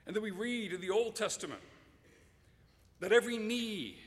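A man's voice: high voice, animated, moderate pace, long reverb tail. A man preaching a sermon, emphatic and direct, sometimes addressing children in the audience.

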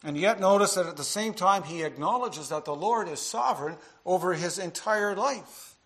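Male pastor, slightly high voice, earnest sermon delivery with quiet dips and emphatic peaks. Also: lively intonation, normal speed. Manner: earnest preaching, quieter asides and rising emphatic passages.

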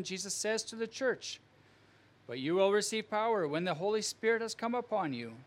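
A man preaching a sermon as pastor, with earnest, emphatic delivery and measured phrasing. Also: high-pitched, a bit bright.

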